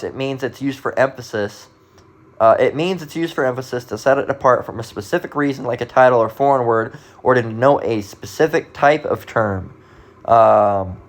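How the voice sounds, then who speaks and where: Male street-style Bible teacher, blunt and profane, reads verses slowly and pointedly. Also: medium pitch. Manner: emphatic, profane, keeps asking "all right?"; reads scripture slowly, stressing words. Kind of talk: casual bible lesson.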